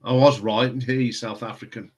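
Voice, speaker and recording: Hosting a live stream from home to review records, a man rambles casually and answers viewer comments as they arrive, chuckling often. His voice is medium-pitched, steady, a little mellow and husky, at normal speed.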